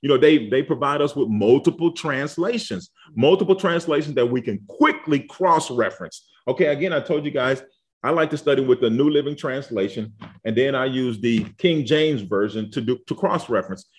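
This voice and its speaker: A man's voice: mid-range voice, normal speed. A man giving an informal Bible study lesson, talking conversationally and often checking in with "okay?" and "all right?". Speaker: Bible teacher. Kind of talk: casual teaching talk.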